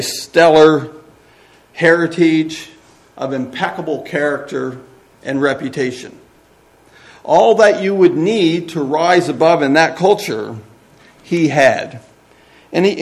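Pastor guy preaching, earnest, kinda high voice, repeats words. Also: expressive, a little slow, creaky. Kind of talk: sermon.

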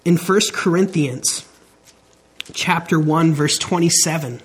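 A man's voice: on the high side, slow, slight background noise. A man in his thirties preaching a sermon, earnest and emphatic, often restarting his phrases. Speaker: pastor.

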